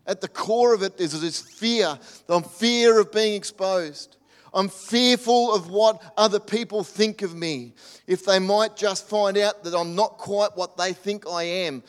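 A man preaching a sermon in a church, animated, acting out voices and dropping to soft near-whispers. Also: high voice, clean tone. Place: church hall. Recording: reverberant hall.

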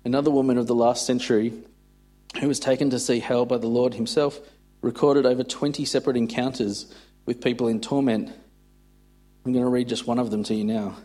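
A male preacher delivering a sermon and reading passages aloud. His mid-range voice stays grave and earnest, and his delivery is measured. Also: medium pitch, little pitch movement, dark tone.

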